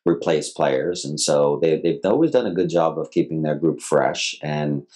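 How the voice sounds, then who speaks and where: Man, extremely low voice, co-host, casual soccer talk, measured and analytical. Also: darkish tone. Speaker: soccer coach and podcast co-host. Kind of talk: casual sports chat.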